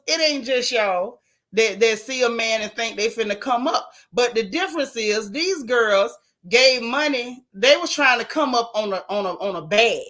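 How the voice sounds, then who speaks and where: A woman with a bright, forceful voice and fairly high pitch hosts a casual gossip chat. She tells her stories to live viewers in an animated, joking, folksy way. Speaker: show host.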